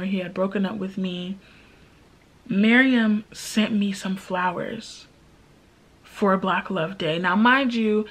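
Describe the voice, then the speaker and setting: Young female vlogger, casual storytime, candid and emotional, mid-range voice. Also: mid-range voice. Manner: candid, emotional, repeats phrases for emphasis.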